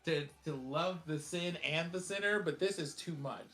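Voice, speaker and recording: A man co-hosting a casual podcast chat, playful and sassy with quick teasing remarks. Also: on the high side, a bit bright. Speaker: co-host.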